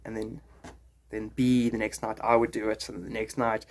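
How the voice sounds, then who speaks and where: A man's voice: lowish voice, level tone, moderate pace, creaky. A man chatting casually on a phone live stream, rambling and joking, often slipping into silly voices.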